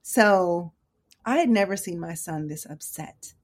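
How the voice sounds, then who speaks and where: A middle-aged woman nurse shares a story in a relaxed, chatty manner. She gets animated and acts out the voices of the people in it. Her voice sits a bit low for a woman. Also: measured pace. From United States. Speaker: nurse educator. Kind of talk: casual storytelling talk.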